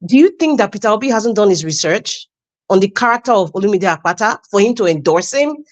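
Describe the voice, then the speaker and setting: A woman's voice: mid-range voice, expressive, fast. A woman speaking as a panelist in a heated political discussion on a live online stream, passionate and emphatic, often repeating herself.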